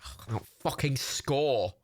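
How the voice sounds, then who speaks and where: A man's voice: medium pitch, unhurried, darkish tone. A man, hosting a livestream and giving casual, rambling watch-party commentary. He swears freely and laughs often. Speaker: livestream host.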